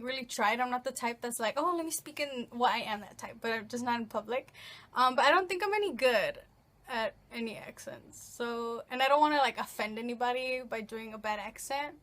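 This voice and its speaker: Rambling teenage girl, slightly high voice. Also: fairly bright tone. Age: late teens. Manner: rambling, full of fillers and restarts. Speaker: vlogger. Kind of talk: casual get-to-know-me Q&A.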